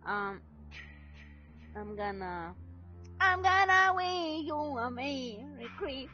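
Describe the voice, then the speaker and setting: A high-voiced woman streaming a game, her pitch leaping all over as she talks in an unhurried, drawn-out way. She is excitable and swears freely. The stream audio is dull and lo-fi, with music playing underneath. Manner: excitable and loud, swearing, thanking viewers. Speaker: gaming streamer hosting a match. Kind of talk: casual live-stream chat while gaming.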